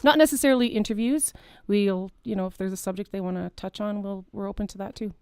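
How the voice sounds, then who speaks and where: A woman's voice: mid-range voice, quick pace, a little mellow, clean tone, no room sound, studio quality. A woman who hosts a podcast, appearing as a guest and chatting in an easygoing way with fillers. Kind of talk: casual interview chat.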